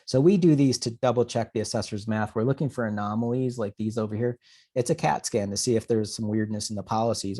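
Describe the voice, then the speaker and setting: Warm-voiced man telling animated stories. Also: mid-range voice. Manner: animated storyteller who acts out conversations. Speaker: urban planner giving a talk. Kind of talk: presentation webcast, data-driven storytelling.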